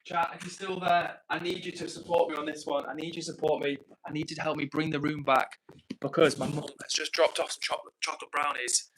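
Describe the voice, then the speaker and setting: An English man hosting a livestream from home, chatting casually and reading out comments in an excitable, quick way. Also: fairly high pitch, breathy edge, rough recording. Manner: excitable, fast-talking. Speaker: livestream host.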